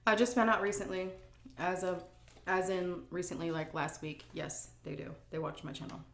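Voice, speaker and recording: A woman's voice: lowish voice, normal speed, echoey room. A woman vlogger chatting frankly while she eats, reading out viewer questions and answering them. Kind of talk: casual chat while eating.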